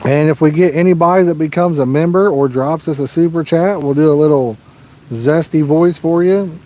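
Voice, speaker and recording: A man's voice: a little high, moderate pace, mellow, a little hiss or hum. A Midwestern American man hosting a fishing livestream outdoors by a lake, chatting casually and answering viewers' questions. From Midwest USA.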